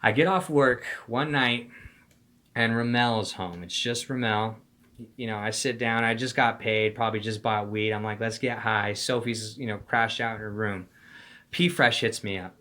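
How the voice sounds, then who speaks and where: A man's voice: on the low side, fairly even intonation, normal speed, bright, forceful tone. A young man telling a personal story in a casual monologue, with slangy, profane talk full of "like", "dude" and "bro".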